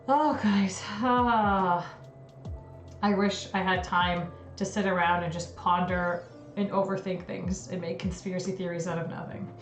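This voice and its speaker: A woman's voice: on the low side, steady tone, a little slow, reverberant, soft background music. A woman hosting a casual livestream, chatty and giggly as she reacts to what she reads. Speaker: livestream host. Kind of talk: casual livestream chat reading conspiracy theories.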